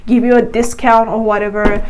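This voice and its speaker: A woman's voice: a little high, a little hiss or hum, low-quality recording. A young woman vlogger telling a personal story in a casual, chatty way, exasperated and full of fillers.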